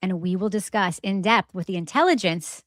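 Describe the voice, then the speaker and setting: A woman's voice: mid-range voice, normal speed, no room sound. A woman co-hosting a podcast, talking in an earnest, emphatic, casual way and swearing freely. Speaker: podcast co-host. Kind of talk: casual chat.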